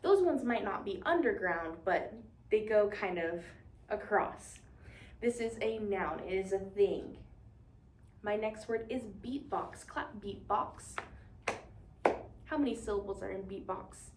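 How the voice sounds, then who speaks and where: A woman's voice: medium pitch, expressive, measured pace, darkish tone, slight background noise. Young woman as a cheerful teacher, leading call-and-response, recorded in an echoey room. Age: young adult. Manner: upbeat, encouraging, call-and-response. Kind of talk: demonstration lesson to imagined class. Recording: echoey room, mic at a distance.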